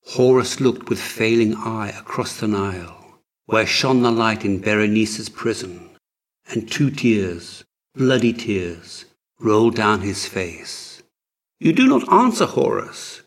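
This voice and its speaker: A man narrating a historical story in a measured, dramatic way, as an audiobook. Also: fairly low pitch.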